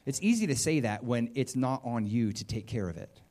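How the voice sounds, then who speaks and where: A man preaching a sermon in an animated, conversational way, often acting out what people say. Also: medium pitch, a little fast. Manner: animated and conversational, acts out quotes.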